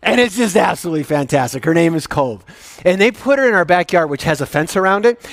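A fast-talking American pastor whose voice sits high delivers an emotional sermon in a church sanctuary. He shifts between loud excitement and hushed, intimate prayer with his congregation.

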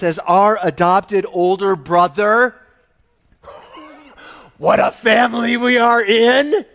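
A man in his fifties preaching a sermon, moving from soft, intimate talk to loud, exclaiming passages, often laughing. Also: sits high. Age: 50s.

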